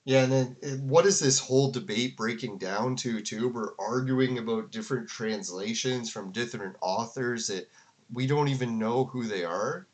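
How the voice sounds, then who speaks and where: A man's voice: mid-range voice, moderate pace. Rambling casual man commenting. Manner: rambling, filler-heavy, with frequent "like" and laughs. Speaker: commentator reacting to a debate. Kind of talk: casual commentary to a live chat.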